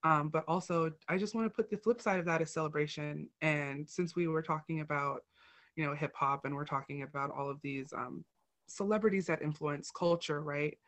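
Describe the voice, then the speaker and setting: A podcast co-host wraps up a segment in casual chat. The delivery is measured and reflective, with fillers and a mid-range pitch. The recording sounds dry and close. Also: a bit bright, no room sound.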